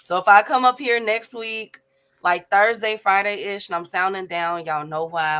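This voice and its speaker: A woman hosts a casual online boxing show. Her voice is bright and forward, and she talks in an easy, chatty way, laughing often and calling out viewers by name between news items. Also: mid-range voice, fairly even intonation, unhurried, clear, resonant tone. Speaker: host. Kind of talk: casual live-stream chat.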